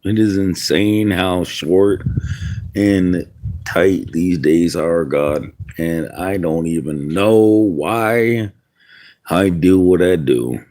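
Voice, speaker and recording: A man's voice: low voice, drawn-out words, darkish tone. A man streaming outdoors in the wind, musing aloud in rambling casual chat with viewers. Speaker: livestreamer.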